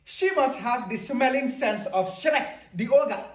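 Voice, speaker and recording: A reaction commentator making mocking, deadpan jokes with slang about clips. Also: medium pitch, a little slow, roomy sound, far from the mic, slight background noise.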